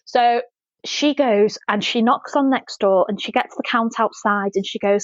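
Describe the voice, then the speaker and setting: A woman's voice: on the high side, unhurried, no room sound. A woman, a podcast guest telling a story casually, swearing freely and laughing as she goes. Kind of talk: casual anecdote in an interview. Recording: slightly dull, dry podcast audio.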